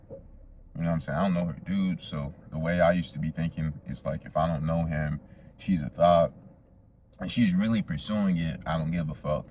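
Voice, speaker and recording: Deep-voiced young man telling a story. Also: a little mellow, a little hiss or hum. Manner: profane slangy storytelling to viewers. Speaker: vlogger. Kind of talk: casual storytelling.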